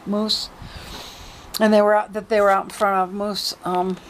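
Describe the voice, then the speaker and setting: A woman's voice: mid-range voice, flat delivery, normal speed, a little hiss or hum, poor audio. A woman vlogger telling a story casually and retelling quoted dialogue in her own talk.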